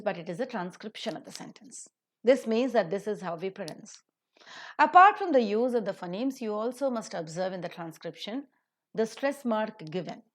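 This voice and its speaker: A woman teaching pronunciation in a recorded lecture, slowing down to stress example sentences. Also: mid-range voice.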